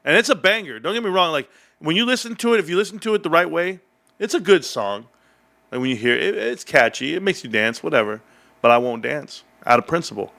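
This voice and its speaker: A man's voice: fairly high pitch, fairly quick, vocal fry. A man hosting a casual livestream, rambling and joking as he chats and reads the chat. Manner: rambling, animated, jokey. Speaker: livestream host.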